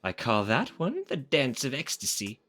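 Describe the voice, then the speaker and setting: A man voicing an excitable, flamboyant male game-show host with showman's patter that leaps into falsetto. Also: normal speed, soft background music. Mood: showy.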